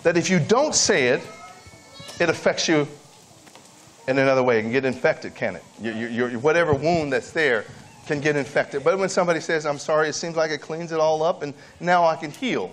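A man preaching a sermon at a church camp meeting, swinging between high, pleading emphasis and quiet asides. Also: brisk.

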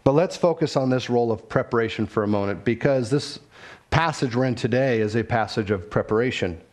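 A man's voice: medium pitch, fairly quick. A man preaching a sermon as pastor, earnest and conversational, telling stories.

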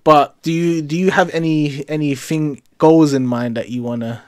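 A man's voice: fairly high pitch, fairly even intonation, moderate pace, no echo, clean studio sound. A young man hosting a podcast in casual, playful chat. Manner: playful, laughs often. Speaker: podcast host.

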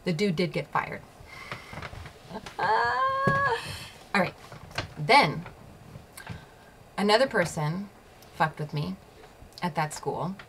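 A woman's voice: medium pitch, very animated, extremely slow, gravelly, pauses often, background noise. A woman hosting her own show, telling a personal story in a blunt, profane way and laughing often. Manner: repeats phrases for emphasis. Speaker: show host.

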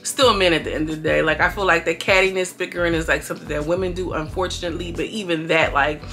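A woman's voice: lowish voice, fairly even intonation, fast talker, a bit bright, soft background music. A woman giving a casual, slangy recap of a reality show, chatting with viewers and acting out what the cast said. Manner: slangy, chatty, acts out quotes.

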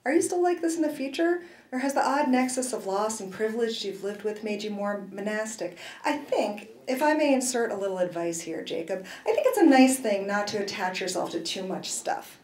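A woman's voice: medium pitch, expressive, a little fast, a little mellow. Woman author reading in a roomy hall. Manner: wry first-person delivery with brief asides. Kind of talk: reading aloud from her novel. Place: university event hall.

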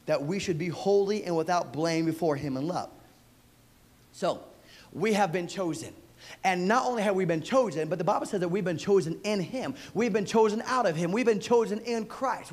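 A male pastor preaching a sermon, building repeated refrains into shouts and dropping into playful asides. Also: high-pitched, animated, moderate pace.

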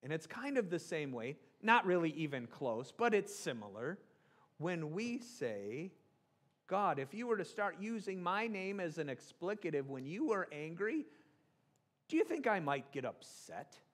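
A man's voice: a little high, very animated, measured pace. A middle-aged man, a pastor, preaching in a casual, joking way and often checking with the room. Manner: joking, keeps asking the room "right?". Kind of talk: conversational sermon.

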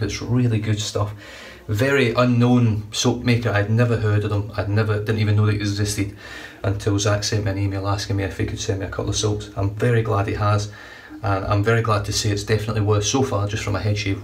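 A man casually reviewing shaving products, chatty and enthusiastic, a little rambling. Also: fairly low pitch. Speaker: shaving vlogger. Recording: distant mic, faint room noise.

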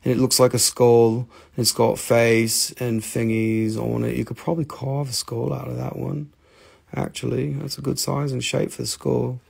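A man's voice: medium pitch, level tone, moderate pace, vocal fry, darkish tone, husky. A man hosting a casual live sales stream, joking, mocking himself and swearing casually as he shows off stones. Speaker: host selling minerals on a live stream.

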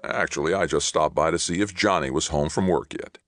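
A man playing a smooth, jovial small-town mayor. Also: very deep voice, brisk, a bit bright, no echo, clean studio sound. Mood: soothing. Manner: soothing, jovial politician. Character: mayor, friendly, smooth-talking middle-aged man.

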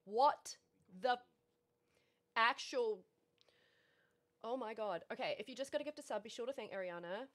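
A woman's voice: on the high side, normal speed, long pauses, fairly bright tone. A woman in her thirties with a New Zealand accent, livestreaming in casual chat, frazzled and laughing as she rattles off thank-yous, out of breath. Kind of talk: casual live-stream chat.

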